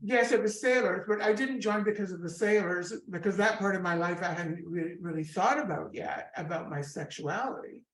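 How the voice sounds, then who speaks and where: A woman in her sixties with a Scottish accent, telling her story with lively asides in an interview. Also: mid-range voice, a little fast, few pauses. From Scotland. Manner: chatty, animated storyteller with asides. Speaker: guest comedian. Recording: echoey room.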